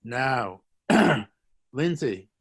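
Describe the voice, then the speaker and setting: A man's voice: mid-range voice, lively intonation, drawn-out words, breathy edge. A man teaching a live online language lesson, joking, encouraging and repeating phrases for his students. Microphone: video call.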